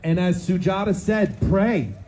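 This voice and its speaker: A man's voice: high-pitched, expressive, a little slow, mellow, a little hiss or hum. A man organizing a rally, urgently repeating instructions to the crowd outdoors. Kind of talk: addressing a crowd.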